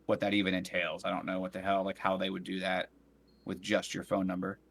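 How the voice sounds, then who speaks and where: A low-voiced man talks as a guest on a casual livestream. His advice comes out calm and full of "like" fillers, with faint noise behind him. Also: fairly quick, gravelly. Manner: calm, advising, many "like" fillers.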